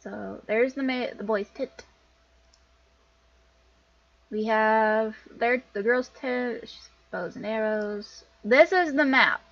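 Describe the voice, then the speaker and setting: A chatty woman streamer talking through a visual novel playthrough, often correcting herself as she goes. Her voice sits fairly high. The recording is dull and lo-fi. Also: takes it slowly, long pauses, fairly bright tone. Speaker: game streamer.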